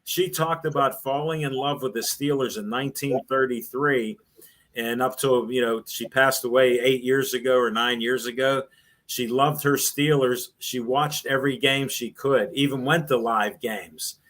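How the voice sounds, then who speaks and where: An older man, once a sports radio host, talks at a middle pitch. He rambles from one anecdote to the next, slipping into the voices of the people in his stories. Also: steady tone, moderate pace, a bit bright. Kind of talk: storytelling in a casual interview.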